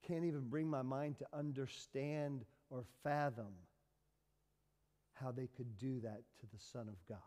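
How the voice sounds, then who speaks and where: Dramatic preacher in a reverberant church. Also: male voice, medium pitch, fairly even intonation, a little slow. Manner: dramatic, swinging from loud to hushed. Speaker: pastor. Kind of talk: sermon. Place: church hall.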